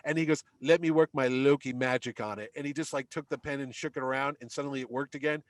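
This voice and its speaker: A man's voice: mid-range voice, quick pace, no echo. A middle-aged man telling a long anecdote in casual chat, acting out the voices of people he met. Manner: animated anecdote teller, acts out dialogue. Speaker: podcast guest. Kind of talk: casual storytelling.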